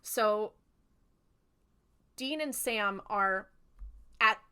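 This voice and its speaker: Speaking extremely slowly, a podcast co-host recaps episodes in casual chat, retelling a story with lots of fillers and swearing freely. Her medium-pitched voice sounds pushed, bright, and smooth.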